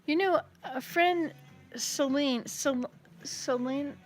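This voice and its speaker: Chatty woman, somewhat high voice. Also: slow pace, faint music behind. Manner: chatty, rambling, answers comments aloud. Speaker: live stream host. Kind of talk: casual chat with viewers. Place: home kitchen.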